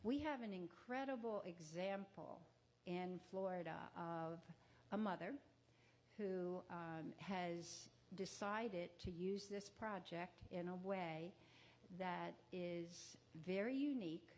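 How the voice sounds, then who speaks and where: A woman hosting a memorial ceremony in a museum, speaking warmly and haltingly with fillers and self-corrections. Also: fairly low pitch. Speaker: exhibition organizer and ceremony host. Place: museum event room.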